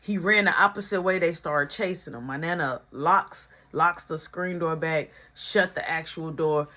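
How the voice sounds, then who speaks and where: A man's voice: fairly high pitch, a little slow. A man telling a funny personal story and acting out each person in it. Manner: animated, acts out every voice. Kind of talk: comedic storytime.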